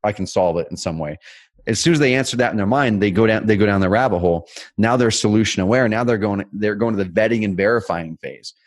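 A man co-hosting a casual business chat, telling stories with lively energy. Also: on the low side, dry recording. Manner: energetic, fast, animated storytelling. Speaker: co-host.

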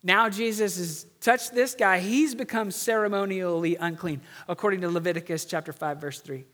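A middle-aged man, a pastor, telling a story in an earnest sermon and slowing down for emphasis. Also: high-pitched, a bit bright, in a large hall.

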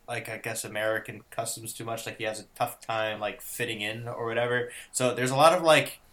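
A young man talking movies on a casual podcast, his voice sitting at an ordinary middle pitch. He rambles, piling up fillers and false starts as he goes. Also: fairly even intonation, fairly quick, a bit bright. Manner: rambling, many fillers and restarts. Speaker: podcast co-host. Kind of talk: casual chat.

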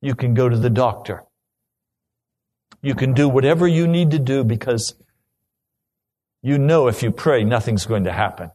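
A man's voice: mid-range voice, normal speed, pauses often, dark tone. A man preaching a sermon, telling his own testimony earnestly and then pressing urgent questions on the listener.

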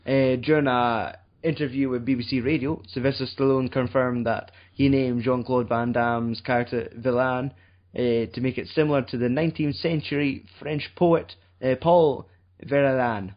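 A man's voice: medium pitch, normal speed. Sweary Scottish man, muffled lo-fi mic. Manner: sweary, rambling, deadpan. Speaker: podcast host. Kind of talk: casual film review chat.

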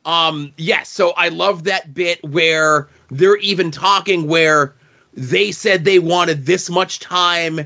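A man with a high, bright and sharp voice co-hosts a casual podcast and keeps cutting in with eager opinions. His remarks are chatty and filled with fillers. The sound is muffled and lo-fi. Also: takes it slowly, creaky. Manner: jumps in with eager commentary and opinions. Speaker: podcast co-host. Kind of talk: casual podcast chat commenting on a show.

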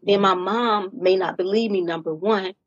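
A middle-aged woman speaking as a podcast guest, telling her own story in an earnest, deliberate way and leaning on key phrases. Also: medium pitch, dry recording, muffled recording. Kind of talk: candid personal storytelling in conversation.

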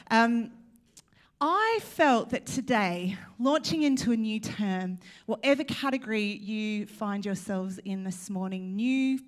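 A young woman from Australia with an Australian accent, giving a casual, joking sermon and speaking directly to the congregation. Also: mid-range voice. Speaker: church speaker.

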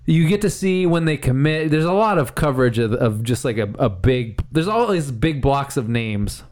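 A man hosting a casual chat podcast, relaxed and chuckling, often trailing off. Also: medium pitch, normal speed. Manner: laid-back, chuckling, trails off mid-sentence.

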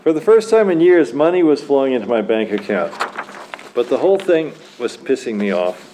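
Wry guy reading his own story at a church event, mellow voice, faint background hum. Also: medium pitch, sing-song, fairly quick. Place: church literary evening.

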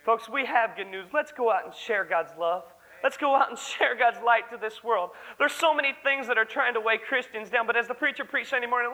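A young man preaches with earnest fervor at a church service. His voice sits high and sounds bright and ringing. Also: brisk, few pauses, rough recording. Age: young adult. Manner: earnest, fervent preaching, breaks into song. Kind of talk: sermon.

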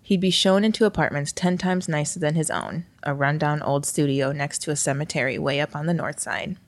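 A woman narrating a scripted story in a wry, lightly expressive reading voice. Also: sits low, a little fast, no room sound.

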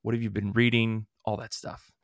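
A man's voice: lowish voice, flat delivery, normal speed, gravelly, no echo, clean studio sound. A man hosting a comics podcast, upbeat and steering the conversation in casual chat. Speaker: podcast host.

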